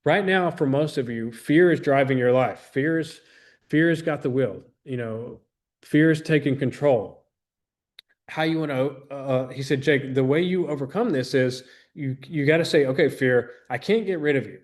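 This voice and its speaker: A man's mid-range voice at normal speed belongs to a thirtysomething business trainer. Earnest and rambling, his motivational talk to the audience keeps restarting and features acted-out quotes.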